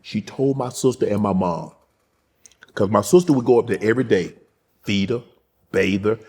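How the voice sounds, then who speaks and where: A man hosting a casual talk show, telling a family story, his voice dropping quiet at times. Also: lowish voice, normal speed, slightly rough. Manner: soft, storytelling, drops quiet when emotional. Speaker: host. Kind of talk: casual interview chat.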